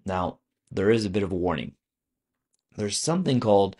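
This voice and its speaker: A man's voice: on the low side, lively intonation, normal speed, a little mellow, slightly rough. A man teaching a video lesson on French vocabulary, explaining patiently and asking the viewer questions.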